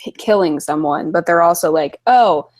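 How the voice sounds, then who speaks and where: A woman's voice: lowish voice, moderate pace, darkish tone, dry recording. A woman co-hosting a casual talk show, blunt and opinionated as she chats. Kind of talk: casual podcast chat.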